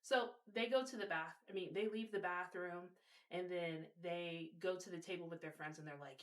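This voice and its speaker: A woman's voice: lowish voice, normal speed. A woman hosting a video, casually explaining a topic and telling a story, speaking directly to her viewers. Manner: warm direct address to viewers.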